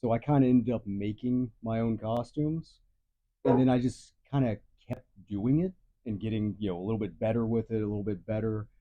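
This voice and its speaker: A man answering interview questions in a relaxed, easygoing way, with some halting pauses. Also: on the low side, phone-quality sound, slight background noise. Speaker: guest prop maker.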